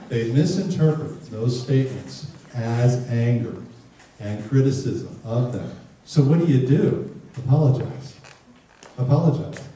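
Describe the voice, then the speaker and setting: A man's voice: medium pitch, lively intonation, dark tone, a little hiss or hum. Man lecturing parents in an echoey hall. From Ireland. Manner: jokey, acts out parents and teens in quick voices. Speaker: speaker giving a parenting talk. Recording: far, echoey hall recording.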